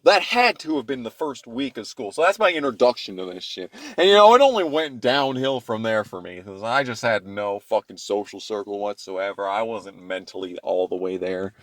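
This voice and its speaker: A man in his twenties telling childhood stories in a casual, profane, rambling way, swinging between loud rants and low mutters. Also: no echo. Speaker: channel host. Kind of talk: casual storytime monologue.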